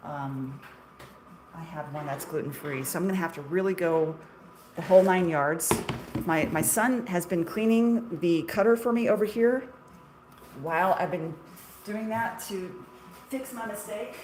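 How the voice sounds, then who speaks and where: A woman's voice: fairly low pitch, unhurried, noisy background. A middle-aged woman, a shop owner, chatting casually on a livestream in a chatty, self-deprecating way and laughing often.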